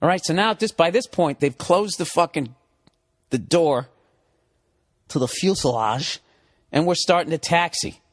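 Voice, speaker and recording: A man's voice: on the high side, expressive, normal speed, pauses often. A man hosting his podcast, telling a story in a casual, comedic way. He swears a lot, sounds exasperated, and acts out both sides of an argument. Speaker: podcast host.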